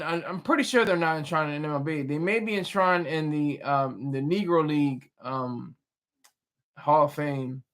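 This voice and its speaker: A man's voice: on the high side, sharp tone. A man hosting a casual livestream, rambling through his thoughts with restarts and chatting with viewers. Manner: rambling, restarts, chuckles at chat. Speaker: livestream host reading chat.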